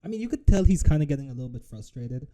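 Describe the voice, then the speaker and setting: A man reacting live to a press conference clip, swearing often and mocking the speakers with quick impressions. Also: a little high. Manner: profane, animated, mocks with impressions. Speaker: reaction streamer.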